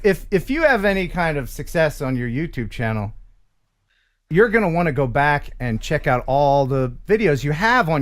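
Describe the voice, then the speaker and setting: A man from the central United States hosting a casual live-stream chat, joking around and laughing often. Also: fairly high pitch. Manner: jokey, laughs often, ad-libs silly voices.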